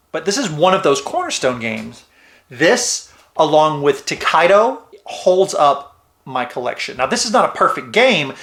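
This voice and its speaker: Bright-voiced man rambling through a review. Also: a little high. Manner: rambling, jokey, talks to viewers. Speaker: board game reviewer. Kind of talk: casual review vlog.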